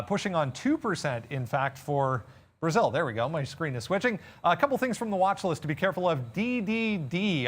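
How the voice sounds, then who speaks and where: A man co-hosting a trading show, walking through the markets in a measured, methodical rundown. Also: fairly high pitch, a bit bright. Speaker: market analyst co-host. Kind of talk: market recap commentary.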